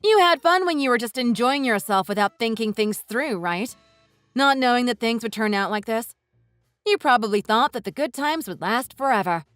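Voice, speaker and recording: A woman's voice: fairly high pitch, expressive, moderate pace, no echo, faint music behind. A woman voicing a sarcastic, furious wife. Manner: sharp, sarcastic, cutting. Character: furious wife confronting her in-laws. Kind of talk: voiced text-message story.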